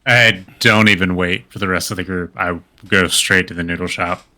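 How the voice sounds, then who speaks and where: A man's voice: sits low, steady tone, moderate pace, pushed and bright. A man playing a tabletop game, describing his character in a playful, giggly way over an online call. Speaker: player.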